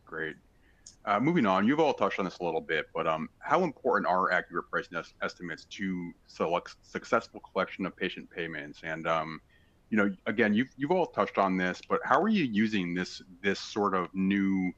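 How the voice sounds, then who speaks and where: Brief: male moderator, very deep voice with a bright sharp edge, halting delivery. Dull lo-fi recording. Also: lively intonation. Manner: halting, repeats words. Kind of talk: moderating a panel discussion. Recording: dull lo-fi audio.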